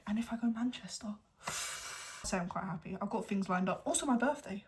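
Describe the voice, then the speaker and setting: A young woman in her late teens with an English accent, chatting candidly to camera at home, at times dropping to a hushed whisper. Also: medium pitch, a little fast, a little hiss or hum. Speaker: vlogger. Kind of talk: casual chat to camera.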